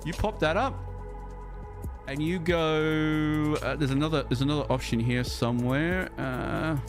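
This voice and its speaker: A man's voice: medium pitch, fairly quick, over music. An Australian man chatting casually on a game livestream, rambling and repeating words as he thinks aloud, reading viewer chat as he plays. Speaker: streamer.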